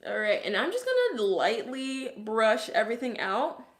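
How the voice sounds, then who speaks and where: A woman's voice: on the high side, huge pitch swings, normal speed, echoey room. A young woman from Brooklyn with a Brooklyn accent, a curly hairstylist chatting casually through a hair tutorial, full of "like"s and laughs. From Brooklyn, New York. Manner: chatty, many "like"s, laughs often.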